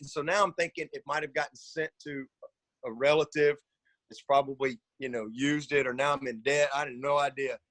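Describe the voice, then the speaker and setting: A middle-aged man, a football coach guest telling stories in a casual podcast chat, animated and lively. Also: fairly quick, dry recording. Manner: animated storyteller, voices his own shouts high and loud.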